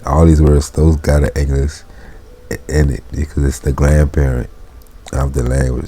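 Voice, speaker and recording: A man giving a casual Latin lesson. He reads Latin phrases slowly, then explains them in plain, informal English. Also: extremely low pitch, level tone, mellow, husky, dry recording. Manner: informal, chuckles while explaining. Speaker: Latin teacher.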